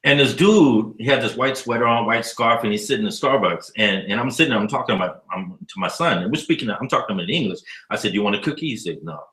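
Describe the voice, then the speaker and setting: Animated fifty-year-old man telling stories. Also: lowish voice, fast, few pauses, roomy sound, low-quality recording. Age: 50s. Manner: animated, profane storyteller acting out dialogue. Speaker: interviewee, educator living abroad. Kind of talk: casual interview, storytelling.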